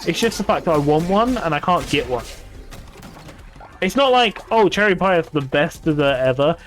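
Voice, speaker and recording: Swearing, ranting man streamer. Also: on the high side. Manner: swears freely, ranting and exasperated. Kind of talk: casual gaming stream chat.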